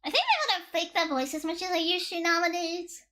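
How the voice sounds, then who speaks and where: A woman's voice: very high voice, big pitch swings, brisk, pushed and bright. A woman streamer chatting with live viewers, joking, sarcastic and swearing freely, her voice slightly worn. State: voice slightly worn from past strain. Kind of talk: casual chat with live viewers.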